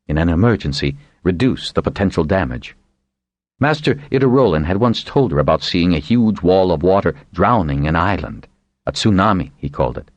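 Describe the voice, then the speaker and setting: Male audiobook narrator, low and lively, dry sound. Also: no echo. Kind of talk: scripted narration.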